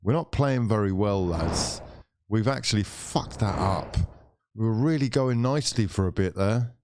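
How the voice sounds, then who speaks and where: A man's voice: on the low side, expressive, moderate pace, a little mellow, a little hiss or hum. A young man streaming a live football watchalong, ranting, swearing and bantering with his viewers. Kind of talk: live watchalong commentary and chat.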